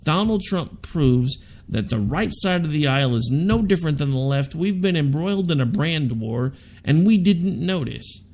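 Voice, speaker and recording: A man's voice: fairly high pitch, gravelly, darkish tone. A man hosting a political talk radio show, delivering a sarcastic, ranting monologue.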